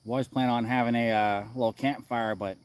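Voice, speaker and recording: A man casually chatting on a live stream from outdoors in the woods, reading chat and speaking in a relaxed way with many filler uhs. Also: mid-range voice, a little fast, clear, resonant tone.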